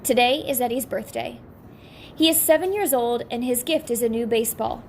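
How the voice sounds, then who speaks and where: A woman reads a novel aloud with steady, clear storytelling. Her voice sits slightly high. A faint hiss of noise runs underneath. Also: moderate pace. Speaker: audiobook narrator. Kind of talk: audiobook reading.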